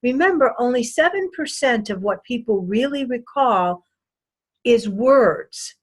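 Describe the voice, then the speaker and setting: Slow, deliberate woman sales trainer. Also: a little high, expressive, husky. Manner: slow, deliberate lecturing with emphatic repetition. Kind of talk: recorded sales lesson.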